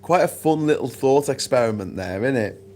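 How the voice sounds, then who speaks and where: A man's voice: mid-range voice, normal speed, a little hiss or hum. A man hosting a casual livestream chat, rambling and swearing freely. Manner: rambling, sweary, animated asides. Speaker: livestream host.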